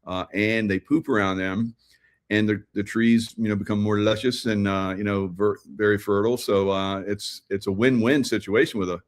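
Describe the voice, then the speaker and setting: Low-voiced, halting talk-show host. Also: male voice, little pitch movement. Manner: halting, full of fillers and restarts, enthusiastic. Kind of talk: casual interview chat.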